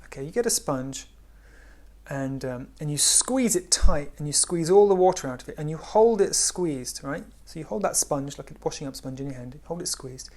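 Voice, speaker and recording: Gentle, hushed man teaching. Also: a little high, expressive. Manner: gentle, unhurried, often drops to a hush. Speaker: spiritual teacher. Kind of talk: spiritual talk.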